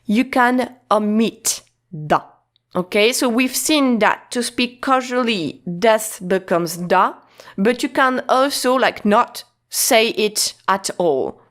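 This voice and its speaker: A woman teaching a lesson in a casual, patient way, repeating points slowly with restarts and fillers. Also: a little high. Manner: slow, repetitive, patient explaining with many restarts and fillers. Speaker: Japanese teacher.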